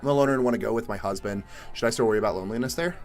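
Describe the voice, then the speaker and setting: A young man from Atlanta, Georgia, chatting casually on a live stream, reading viewer questions and answering in a laid-back way, with the odd swear word and loud exasperated outbursts. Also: mid-range voice, very fast. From Atlanta, Georgia, USA. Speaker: livestream host. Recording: faint music behind.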